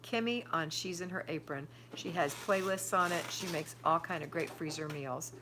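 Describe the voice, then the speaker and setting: Older lady on a live chat, lowish voice, chatty and bossy with tips, faint hum behind. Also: normal speed. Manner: chatty, reads comments aloud, gives firm advice. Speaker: livestream host answering viewer chat.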